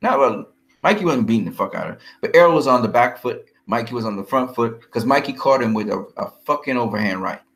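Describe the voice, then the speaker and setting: A man's voice: medium pitch, animated, fast, a bit bright. A man vlogging about boxing in a heated, profane, confrontational rant. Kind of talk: ranting fight commentary.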